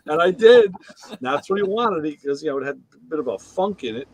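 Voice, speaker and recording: Husky-voiced man telling shop stories. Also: a little high, brisk, low-quality recording. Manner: animated, acts out quoted voices. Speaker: show co-host. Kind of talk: casual storytelling chat.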